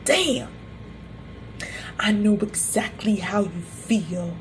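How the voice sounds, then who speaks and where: A woman's voice: mid-range voice, expressive, very slow, soft background music. A woman spiritual healer speaking soothing, repetitive reassurance during a live-streamed healing session.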